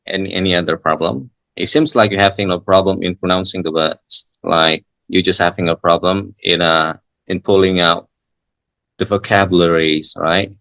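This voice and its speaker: A man tutoring English in a casual lesson, talking haltingly with frequent restarts and fillers. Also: low-pitched, fairly even intonation, creaky, fairly bright tone, no echo, rough recording.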